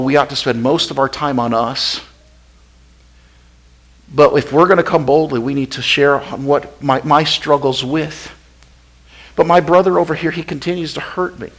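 A male pastor preaching an impassioned sermon, swinging between loud outbursts and hushed, almost whispered passages. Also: a little high, normal speed, poor audio.

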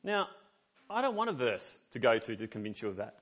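A man's voice: medium pitch, very animated, brisk, a bit bright. A man preaching a sermon as a pastor, reading scripture and telling personal stories in an earnest, conversational way.

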